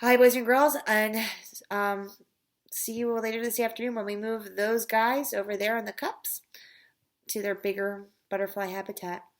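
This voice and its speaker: A woman's voice: mid-range voice, fairly even intonation, moderate pace. A woman teacher reading a children's chapter book aloud to her students, with casual chatty asides.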